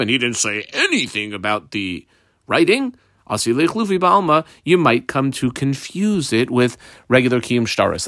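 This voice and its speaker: A man teaching a Talmud lesson step by step, reading Aramaic phrases and explaining them in English with lively jumps in pitch. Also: no room sound, clean studio sound. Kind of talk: daf yomi Talmud lesson.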